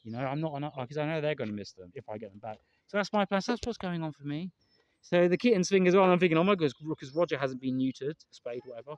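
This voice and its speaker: A man's voice: on the high side, animated, fast, darkish tone, dull audio. A man talking to camera in a casual, rambling vlog, earnest and emotional, often repeating himself and swearing. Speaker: vlogger.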